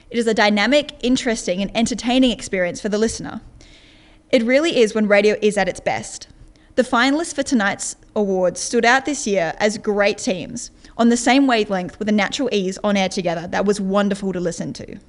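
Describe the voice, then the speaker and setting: Young woman reading an award speech. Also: mid-range voice. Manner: reads evenly from a prepared script. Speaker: award presenter.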